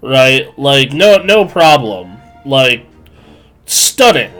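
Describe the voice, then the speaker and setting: A man's voice: medium pitch, big pitch swings, very slow, a bit bright, soft background music. A man in his twenties telling a crude, self-mocking story on a live stream, full of fillers and rambling asides.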